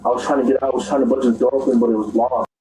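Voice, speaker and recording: A young man shakily recounting a traumatic event in an interview, halting and restarting often. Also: medium pitch, flat delivery, dark tone, poor audio. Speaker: interview subject.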